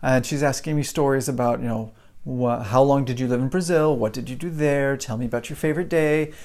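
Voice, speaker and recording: A middle-aged man hosting a podcast, telling a personal story in a chatty, animated way and acting out his own reactions. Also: mid-range voice, fairly quick. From United States. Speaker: podcast host and English teacher. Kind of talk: casual storytelling monologue.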